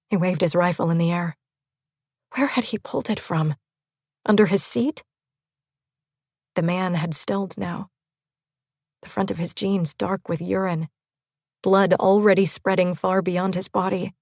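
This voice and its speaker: A woman's voice: lowish voice, steady tone, normal speed, darkish tone, no echo. A woman narrating a first-person novel as an audiobook, with tense, vivid delivery.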